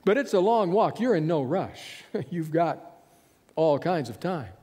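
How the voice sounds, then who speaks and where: Slow, lively-voiced male preacher. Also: on the high side, husky, in a large hall. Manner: vivid storytelling, chuckles often. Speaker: pastor. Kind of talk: sermon.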